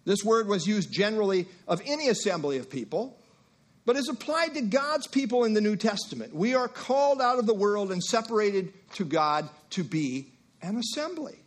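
A man's voice: high-pitched, very animated, normal speed. A man preaching a sermon as pastor, in a conversational style with asides and acted-out little dialogues.

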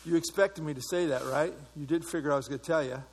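Male pastor, slightly high pitch, conversational Bible study teacher who quizzes his audience. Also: fast, husky. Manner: conversational, asks the audience questions, many fillers.

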